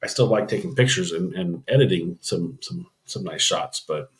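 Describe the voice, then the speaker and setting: A man's voice: deep voice, animated, moderate pace. A man hosting a casual live stream, rambling through camera news and thinking aloud with frequent ums and restarts.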